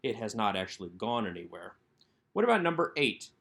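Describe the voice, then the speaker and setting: A man teaching Biblical Hebrew grammar in a recorded workbook lesson, explaining step by step and slowing down to sound out each word. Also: on the low side, sing-song, gravelly, a bit bright. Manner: methodical, slows down to sound out Hebrew words. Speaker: Hebrew instructor.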